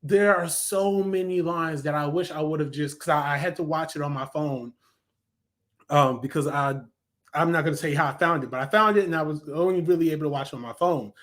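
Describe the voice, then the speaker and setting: A man's voice: on the high side, a little fast, fairly bright tone. A man giving a casual, rambling review of a cartoon, enthusiastic and full of ums and restarts.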